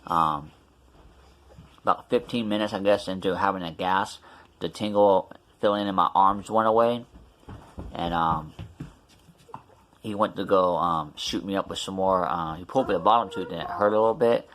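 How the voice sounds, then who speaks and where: A man with a deep, low-pitched voice tells a story in a casual vlog. He rambles and restarts, with plenty of ums, and his mouth is still numb from the dentist. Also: normal speed, pauses often, a bit bright, a little hiss or hum. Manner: rambling, many fillers and restarts. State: mouth numb after tooth extraction. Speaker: vlogger.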